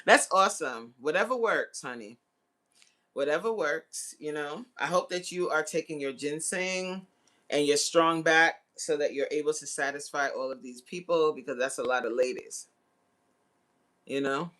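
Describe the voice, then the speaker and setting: A woman in her forties hosting a casual livestream and chatting with viewers. She is slangy and laughs often, with sudden jumps into high exclamations. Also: moderate pace, fairly bright tone. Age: 40s. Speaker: livestream host. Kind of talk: casual live chat reading viewer comments.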